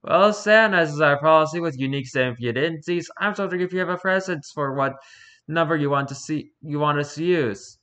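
A man's voice: on the high side, a little fast, fairly bright tone, smooth, voice pushed up, close to an everyday voice. A man voicing a naive, cheerful male interviewer with an exaggerated American accent. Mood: chirpy. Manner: chirpy, naive, questioning.

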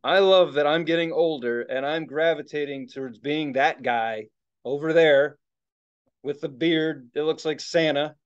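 Excitable, swearing middle-aged man, lo-fi. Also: fairly high pitch, unhurried, smooth. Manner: excitable, swearing, rambling with restarts. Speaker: podcast co-host. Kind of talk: casual chat. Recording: dull lo-fi sound.

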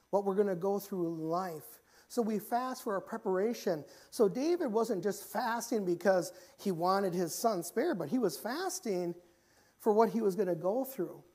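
A man preaching a church sermon, often repeating and restarting phrases and rising in pitch and volume when he reaches the pleading passages. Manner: grows louder and higher when pleading passages. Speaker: pastor. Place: church sanctuary.

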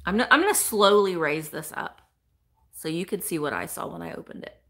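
A woman's voice: lowish voice, animated, a little fast, gravelly, a bit bright. A woman hosting a casual live stream from home, gushing over the items she unboxes and greeting viewers by name. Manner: chatty, gushing, exclamatory, reads viewer comments aloud. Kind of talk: casual live-stream chat, opening mail.

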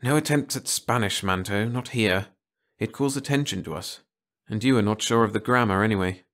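A stern, cautious alien hunter in a storybook reading, measured and firm as he corrects his partner, as a man puts him on. The voice stays near an everyday male voice. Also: lowish voice, a bit bright.

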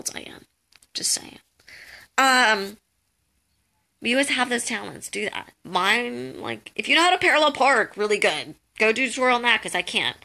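A woman's voice: medium pitch, gravelly, pushed and bright. A young woman giving casual advice on a live call, chatty and jokey, full of "um" and "like". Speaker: host of a social media tips call.

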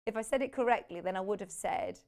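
A woman's voice: medium pitch, expressive, quick pace, a little mellow. A woman presenting live on a shopping channel from a TV studio, chatty and bubbly, laughing easily as she shows fabrics. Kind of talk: live TV product selling.

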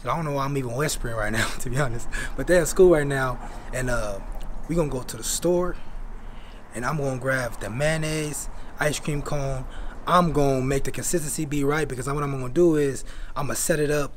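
A man hosting a casual prank vlog to camera, energetic and slangy, with plenty of "man" and "you feel me.". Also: mid-range voice, moderate pace, slight background noise. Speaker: vlogger host. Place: indoors at home, then out at a store.

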